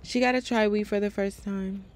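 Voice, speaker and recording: Soft music plays behind a woman streamer speaking at a moderate pace and medium pitch. She comments on her game casually and profanely, with lots of energy, and talks to the people watching.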